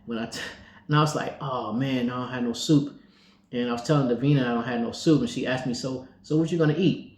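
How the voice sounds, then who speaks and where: Man, co-host, casual faith testimony, animated storyteller, echoey room. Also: mid-range voice, quick pace, slight background noise. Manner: storytelling, acting out dialogue with laughs. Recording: roomy echo.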